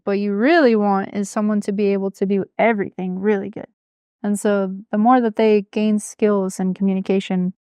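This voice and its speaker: A woman's voice: medium pitch, dark tone, clean tone, no echo, clean studio sound. A woman co-hosting a podcast, chatting casually and explaining her ideas in a reflective way with many fillers. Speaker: podcast co-host. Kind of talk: casual chat.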